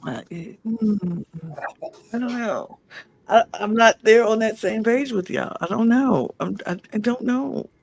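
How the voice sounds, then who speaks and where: A woman hosting a casual podcast in a hoarse, husky, raspy voice, with a sassy, playful manner. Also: on the high side, unhurried. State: hoarse, losing her voice. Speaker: podcast host.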